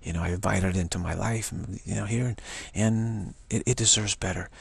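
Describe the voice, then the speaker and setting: A man's voice: on the low side, steady tone, fairly quick, vocal fry, slightly rough. A man giving a spiritual pep talk, who speaks emphatically, rambles and repeats phrases. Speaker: spiritual teacher.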